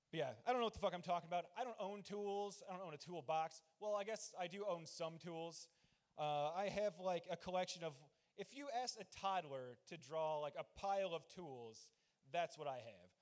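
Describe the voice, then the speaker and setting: A young man doing a rambling, deadpan, profane open-mic stand-up set on a club stage. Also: high voice, moderate pace. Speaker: stand-up comedian.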